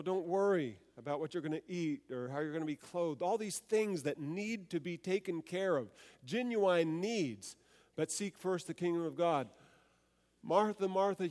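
A man's voice: fairly high pitch, a little mellow, long reverb tail. A man preaching a sermon, reading scripture aloud, then explaining it and putting rhetorical questions to his listeners.

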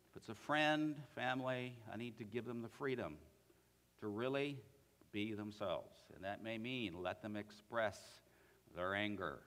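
Man preaching in a church, bright voice, lively pitch, long echo all around. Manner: earnest, reads scripture aloud with feeling. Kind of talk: sermon.

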